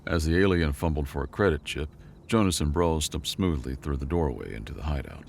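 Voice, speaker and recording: Deep, gravelly male storyteller. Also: a little fast, slight background noise. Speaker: narrator. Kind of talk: scripted sci-fi story narration.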